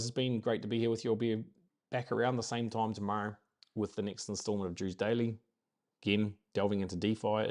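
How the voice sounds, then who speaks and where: A man's voice: lowish voice, a little mellow. A man from New Zealand with a New Zealand accent, hosting a casual motivational live stream, upbeat and rambling, repeating his key phrases. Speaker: host of a daily live stream.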